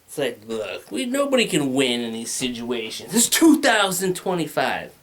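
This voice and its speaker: Animated, rambling stand-up comic man. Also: mid-range voice, normal speed. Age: 30s. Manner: rambling, crude, acts out voices with big swings. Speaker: stand-up comedian. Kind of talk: stand-up comedy set. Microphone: handheld microphone.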